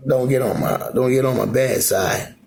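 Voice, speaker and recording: A man's voice: medium pitch, moderate pace, creaky, darkish tone, a little hiss or hum. A man talking loosely to his phone camera at home in Alaska, rambling and repeating "you know what I'm saying". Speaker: vlogger. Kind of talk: rambling casual monologue.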